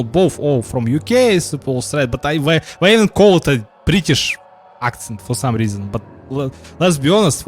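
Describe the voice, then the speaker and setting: A Russian-accented man streaming a game and chatting casually in a fairly high voice, rambling and restarting his sentences as he goes. Faint game music plays behind him. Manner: rambling, frequent restarts and filler, laughs often. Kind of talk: casual gameplay commentary.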